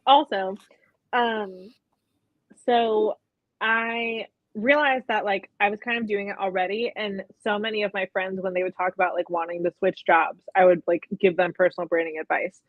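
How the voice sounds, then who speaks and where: A woman's voice: mid-range voice, steady tone, normal speed, dry recording. A young woman, a guest and personal brand coach, chatting casually in an interview with lots of "like" and "um". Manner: chatty, frequent "like" and "um". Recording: tinny phone-like audio.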